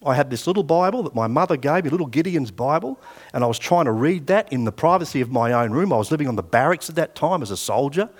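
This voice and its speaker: An Australian preacher in his sixties speaks quickly in a higher, expressive, slightly rough voice. He tells personal stories in a conversational manner and plays out remembered dialogue.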